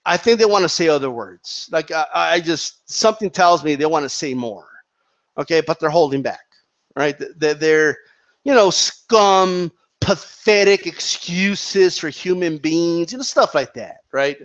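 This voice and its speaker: A fired-up man talks through his opinions in a fairly high voice, circling back to his points and tagging them with "right?" again and again. The sound is dull and lo-fi, like a cheap home mic. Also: animated, moderate pace. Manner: heated, repetitive, peppers with "right?" and "okay?". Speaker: boxing commentary channel host. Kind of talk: opinionated commentary monologue.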